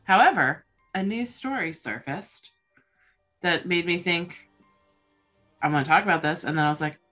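A young woman hosting a casual chat podcast, telling stories in a rambling, excitable way with casual swearing. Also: fairly low pitch, moderate pace, soft background music. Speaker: podcast host.

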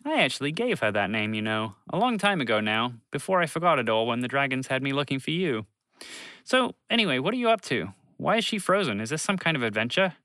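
A man voicing Bobby, an excitable, scatterbrained creature in a children's story, with a high, bouncy, eager voice. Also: fast, no echo. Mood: chatty.

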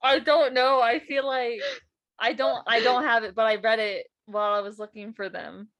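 Woman, podcast co-host, playful, laughing, higher voice, dry close mic. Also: fairly even intonation, normal speed, fairly bright tone, dry recording. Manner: laughing, playful, apologetic asides. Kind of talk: casual chat, reading comedy scripts aloud.

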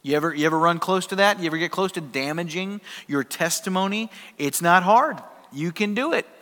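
A middle-aged man, a pastor preaching a sermon and telling a lively story to his congregation. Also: high voice. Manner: animated, acts out voices in a story, laughs with the congregation. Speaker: worship pastor. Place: large church hall. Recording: reverberant church hall.

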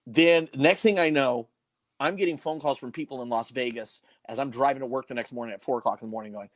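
A man, a former morning radio host, telling a story as a podcast guest in a casual, animated way, swearing freely. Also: fast, no room sound. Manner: animated, swears freely, big swings in pitch and loudness.

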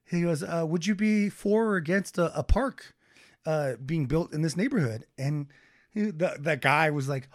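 A man's voice: fairly high pitch, normal speed. A man co-hosting a podcast, chatting loosely, swearing often and tripping over words. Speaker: podcast co-host. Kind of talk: casual chat.

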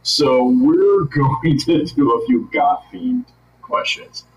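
Male host, playful and laughing easily, lively delivery, echoey room. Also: medium pitch, slow pace, distant mic. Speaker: podcast host. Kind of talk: casual interview chat.

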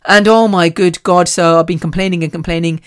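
A woman hosting a podcast, talking casually and telling animated stories with frequent laughs. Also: lowish voice, fairly quick, clear, resonant tone. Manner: chatty, animated storytelling; laughs often. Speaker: podcast host. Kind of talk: casual chat.

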